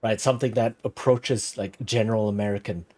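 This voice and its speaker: A man's voice: fairly low pitch, steady tone, brisk, a little mellow. A man streaming a game, chatting casually with many fillers and hedges. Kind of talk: casual gameplay commentary.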